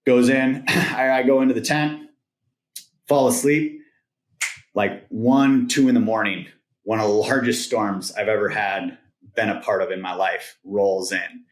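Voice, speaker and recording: A man's voice: fairly low pitch, steady tone, a little slow. A man, a podcast guest, telling a personal story in a laid-back way, often tagging on "like" and "right?". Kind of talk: casual storytelling. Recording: roomy echo.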